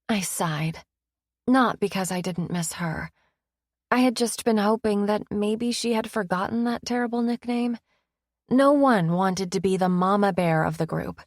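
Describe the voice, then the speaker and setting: A woman narrating a romance audiobook in first person, with a wry, expressive manner, close to the mic. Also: medium pitch, measured pace, dry recording.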